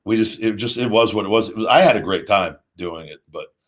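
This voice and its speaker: A man's voice: on the low side, fairly quick. Rambling man on a live show. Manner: rambling, frequent restarts, storytelling with acted quotes. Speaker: podcast host. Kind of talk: casual live-stream chat.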